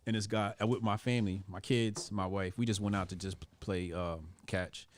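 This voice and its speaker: A man appearing as a guest, telling stories in a relaxed, casual way and often saying "like". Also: lowish voice, normal speed, a little hiss or hum. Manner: relaxed, peppers speech with "like". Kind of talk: casual conversational storytelling.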